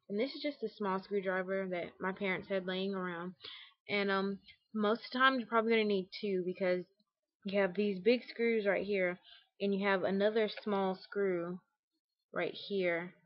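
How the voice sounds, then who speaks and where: A young woman vlogging a casual how-to tutorial at home, chatty, with lots of fillers like "um" and "like". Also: medium pitch. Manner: chatty, with many fillers and acted quotes. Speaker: beauty vlogger. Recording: dull lo-fi webcam audio.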